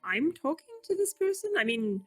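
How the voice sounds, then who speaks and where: A woman's voice: high-pitched, moderate pace, no room sound, soft background music. A woman playing a tabletop game, chatting and laughing with the group. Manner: laughing, lively. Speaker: player. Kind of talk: casual tabletop play.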